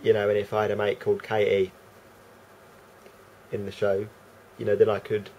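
A man's voice: fairly low pitch, completely flat delivery, normal speed, darkish tone, low-quality recording. A man with a London accent rambling unscripted to camera, hesitant and full of fillers. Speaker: vlogger. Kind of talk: casual unscripted monologue to camera.

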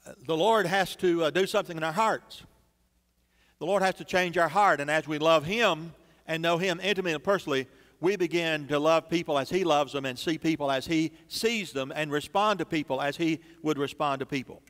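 A man's voice: fairly high pitch, a little fast, a bit bright. A man preaching a sermon as pastor, building emphasis through dramatic repetition in a church sanctuary. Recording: long church reverb.

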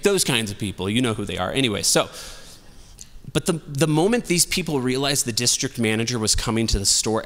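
A man's voice: mid-range voice, fairly bright tone, long reverb tail. A male pastor giving a sermon in a casual, humorous, storytelling way. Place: church sanctuary.

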